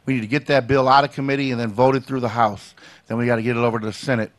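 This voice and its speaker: A man with a middle-pitched voice makes an earnest case on a talk show. He stumbles and repeats words as he pushes his point forward, sounding like a working politician. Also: fairly even intonation, racing. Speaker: state representative.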